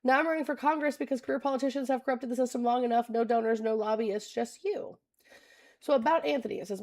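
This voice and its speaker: Brief: young woman streamer, chatty and giggly, a touch high-pitched, thanks chat by name and reads pages aloud. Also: quick pace, vocal fry, darkish tone. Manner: chatty, laughs often, thanks viewers by name. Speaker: political livestream host. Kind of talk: casual livestream chat.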